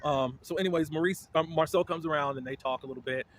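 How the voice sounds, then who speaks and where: A man giving casual, blunt commentary as a reality TV recap host, with indignant, animated reactions. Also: fairly high pitch, fast talker, slight background noise.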